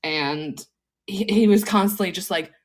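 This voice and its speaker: A woman's voice: medium pitch, measured pace. A woman co-hosting a podcast, chatting casually in a laid-back, rambling way and giggling often. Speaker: podcast co-host. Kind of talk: casual chat.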